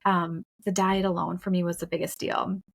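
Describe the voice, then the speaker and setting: A woman's voice: lowish voice, flat delivery, moderate pace, gravelly. A woman co-hosting a podcast, telling her own story in a frank, emphatic, casual way, swearing now and then. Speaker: podcast co-host. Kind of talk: candid conversational storytelling.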